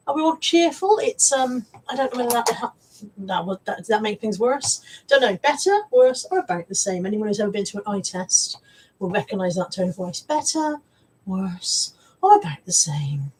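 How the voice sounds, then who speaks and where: A woman's voice: mid-range voice, a little mellow, husky. A woman hosting a casual live stream from home, greeting viewers by name in a chatty way. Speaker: live stream host, reseller. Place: home room.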